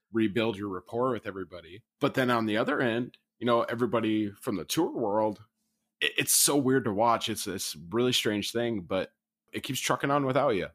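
Man, reflective, hesitant, casual podcast talk, lowish voice, dry. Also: a bit bright, dry recording. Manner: reflective, hesitant, restarts often. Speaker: podcast co-host or guest, former touring musician.

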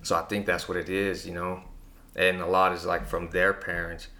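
A man telling personal stories in a relaxed, casual conversation, with lots of fillers. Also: low-pitched, moderate pace. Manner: relaxed storytelling with many fillers. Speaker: guest.

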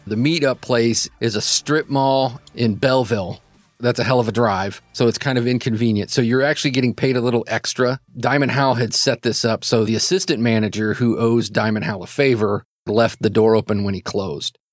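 A man's voice: mid-range voice, steady tone, brisk, no echo, soft background music. A man narrating a tabletop role-playing game as game master, in a casual, conversational way.

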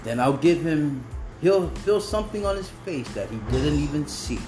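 High, lively man in a roomy room. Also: normal speed. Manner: loud, laughing, swearing freely. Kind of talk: casual chat. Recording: roomy echo, music behind.

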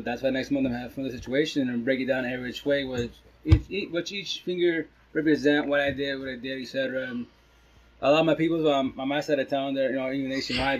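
A man's voice: medium pitch, highs cut off. A man livestreaming casually from home as a father talking to his followers, rambling and restarting sentences, sometimes dropping in Spanish words. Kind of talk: casual live-stream chat. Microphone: phone live stream.

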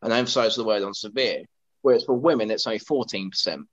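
A man's voice: lowish voice, quick pace, muffled recording. A man, co-hosting a podcast in casual, earnest chat that rambles with restarts. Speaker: podcast co-host.

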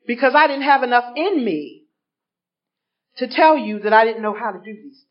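A woman's voice: a little high, moderate pace. A woman speaking at a recovery workshop, telling her story to a live audience and acting out the voices of people in it. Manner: animated, acts out voices in her stories. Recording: dull lo-fi recording.

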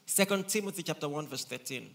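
A man preaching a sermon as a pastor, animated and teasing, swinging between loud and soft. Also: on the high side, quick pace, creaky.

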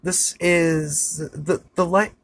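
A woman's voice: fairly low pitch, fairly even intonation, slow. A woman co-hosting a casual chat, recapping a film and swearing freely. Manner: casual, swears, sympathetic reactions. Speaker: podcast co-host.

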